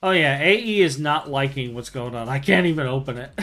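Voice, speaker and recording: A man's voice: medium pitch, fairly bright tone. A young man chatting casually on a gaming stream, joking and sarcastic, often laughing.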